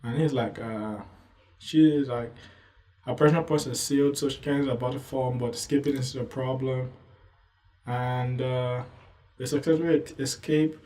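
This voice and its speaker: A man's voice: mid-range voice, warm tone, echoey room, recorded from a distance, rough recording. Rambling man reviewing manga. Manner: rambling, loose, full of "you know" asides. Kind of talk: casual commentary.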